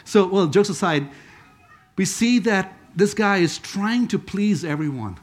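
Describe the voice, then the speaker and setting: A man's voice: high voice, expressive, measured pace. A man preaching a sermon in a conversational way, with joking asides.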